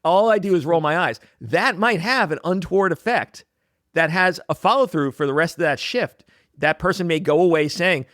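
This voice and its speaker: Podcast host: man, conversational and halting, fairly high voice, close and dry. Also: a bit bright, dry recording. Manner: conversational, halting restarts when asking questions. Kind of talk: podcast interview.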